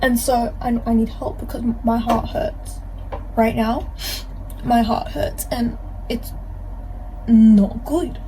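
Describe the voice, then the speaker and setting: A woman's voice: on the high side, steady tone, slow pace, long pauses, warm tone, a little hiss or hum, poor audio. A teenage girl chatting casually in a reading vlog, gushing and dramatic about a book. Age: teens. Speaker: reading vlogger.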